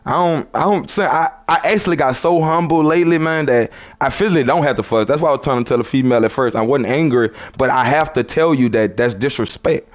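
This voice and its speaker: A man's voice: medium pitch, fast talker, hardly any pauses. A man from New Orleans with a New Orleans accent, talking casually as a live-stream preacher, repeating himself and calling listeners son and brother.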